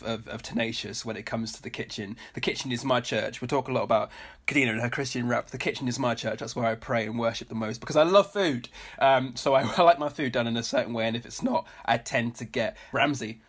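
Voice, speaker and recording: A man's voice: medium pitch, fairly quick. A man chatting as a guest on a radio show, laughing between phrases. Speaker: guest athlete. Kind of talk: casual chat.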